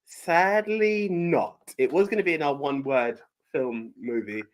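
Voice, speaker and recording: A man's voice: on the high side, a little slow, a little hiss or hum. A man co-hosting a casual movie podcast, agreeing often, laughing readily and reading out listener comments. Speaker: podcast co-host.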